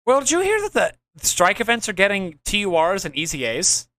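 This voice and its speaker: Bright, crisp young man hosting a podcast. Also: sits high, very animated, moderate pace, no echo. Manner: rambling, many restarts, enthusiastic explaining. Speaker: podcast host. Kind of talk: casual gaming podcast chat.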